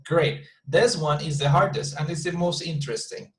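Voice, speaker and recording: A man's voice: on the high side, lively intonation, rough recording. Man teaching intonation. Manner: patient, repeats example sentences slowly with shifting stress. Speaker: English teacher. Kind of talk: online class teaching.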